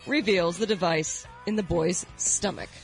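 A woman co-hosting a radio show, telling stories in casual banter with animated exclamations. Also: fairly low pitch, measured pace, soft background music. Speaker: radio co-host.

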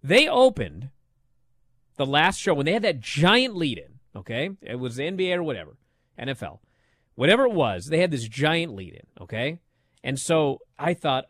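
A man co-hosting a sports talk radio show, excitably arguing his point and mimicking people as he tells the story. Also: on the high side, no echo, clean studio sound.

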